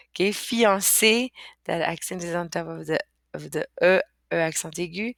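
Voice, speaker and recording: A woman's voice: lowish voice, creaky, a bit bright, dry recording, studio quality. A woman teaching a language lesson in English, patiently repeating words and often saying "okay". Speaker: French teacher.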